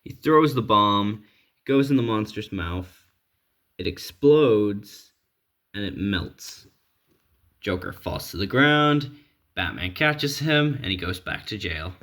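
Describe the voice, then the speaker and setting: A man's voice: lowish voice, animated, slow, pauses often, a bit bright. A man casually retelling a comic story, rambling with lots of fillers and small laughs. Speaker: comic recap vlogger.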